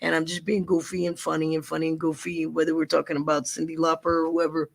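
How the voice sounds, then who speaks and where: Middle-aged male comedian guest, gravelly, animated storyteller. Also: fairly high pitch, fast talker. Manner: joking, animated, profane. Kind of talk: storytelling in a casual interview. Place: studio. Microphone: large studio microphone.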